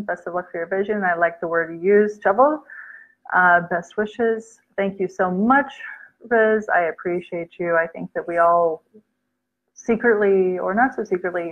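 A woman chats on a livestream in a fairly low voice and answers viewers one by one, dropping in Urdu words now and then. The sound is a bit dull and lo-fi. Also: pushed and bright. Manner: chatty, reads out viewer comments, mixes in Urdu words. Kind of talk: casual live chat. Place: Islamabad.

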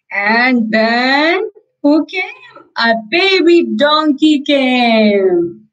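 Slow sing-song Indian English teacher woman. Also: high voice, lively intonation, low-quality recording. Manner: slow sing-song storytelling to small children, repeating words. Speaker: preschool teacher. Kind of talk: online class storytelling. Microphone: video call.

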